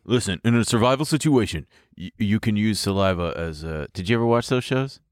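A man's voice: fairly low pitch, expressive, brisk, no room sound, clean studio sound. A man co-hosting a podcast in casual, joking chat, goofy and teasing. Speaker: podcast co-host.

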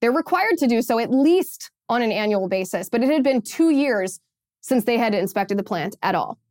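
A woman's voice: fairly high pitch, expressive, normal speed, darkish tone, no echo, studio quality. A woman hosting an opinion podcast, emphatic and sarcastic, often repeating her phrases. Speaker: podcast host. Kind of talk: opinion commentary.

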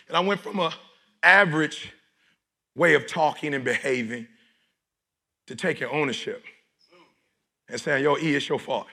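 A middle-aged man from Detroit giving a preachy motivational speech to a live audience, often shouting and leading call-and-response. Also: a little high, moderate pace, creaky, long pauses. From Detroit, United States. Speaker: motivational speaker.

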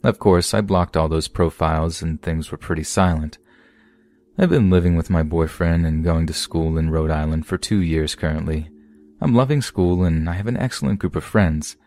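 A man reading a first-person scary story aloud as a podcast narrator, in a steady, measured scripted delivery. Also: deep voice.

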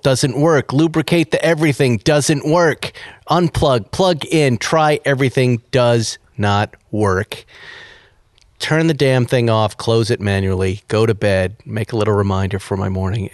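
A man's voice: mid-range voice, unhurried, no echo, clean studio sound. A man hosting a podcast, telling a casual story with energy and acting out the people and sounds in it. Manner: animated anecdote-telling, acts out dialogue and beeps. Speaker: podcast host.

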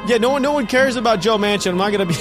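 A man's voice: high voice, racing, music in the background. A man hosting a podcast, giving casual, mocking commentary with a sarcastic edge and frequent laughter. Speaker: podcast host.

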